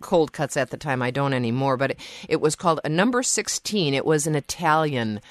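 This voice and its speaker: Low-voiced woman radio host. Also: animated, a little fast, no echo. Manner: friendly, laughs easily, chatty with fillers. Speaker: radio talk show host. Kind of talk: hosting a call-in radio interview. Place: radio studio.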